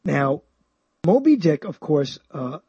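A man hosting a show, talking about books in a rambling, animated way, often chuckling and swinging his pitch high and low. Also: slow pace, slightly rough, dry recording, lo-fi sound. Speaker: show host. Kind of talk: rambling radio-style talk about books.

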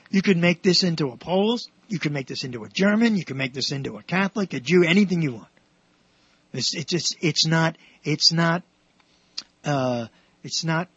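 A man hosting a radio show, telling jokes in a rambling way with many restarts and animated punchlines. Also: fairly high pitch, husky, dry recording, dull audio.

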